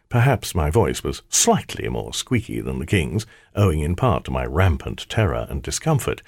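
A man's voice: low-pitched, a little mellow, dry recording, studio quality. A man reading a fantasy audiobook aloud, telling the story in the first person in a wry, theatrical way. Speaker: audiobook narrator. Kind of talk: scripted audiobook narration.

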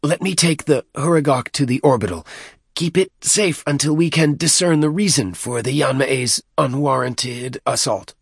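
A man voicing a small male alien deacon who is eager and scheming, shifting between eager shouting and a hushed low voice. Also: moderate pace, creaky, husky, no room sound, studio quality.

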